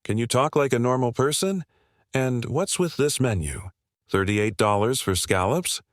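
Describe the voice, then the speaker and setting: A man voicing a loud, rude male diner from Texas who mocks and complains. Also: mid-range voice, lively intonation, measured pace, dry recording, clean studio sound, natural voice. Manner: brash, mocking, complaining.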